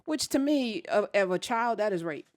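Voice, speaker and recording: A woman's voice: medium pitch, lively intonation, normal speed, a loud crowd. A woman hosting a radio interview, asking direct, persistent questions. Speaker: talk show host.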